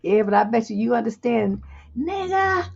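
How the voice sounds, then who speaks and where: A woman's voice: mid-range voice, expressive, moderate pace, darkish tone, breathy edge, dull audio. A woman hosting a livestream advice show, reading viewer questions aloud and answering them with blunt, joking frankness. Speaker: relationship advice host.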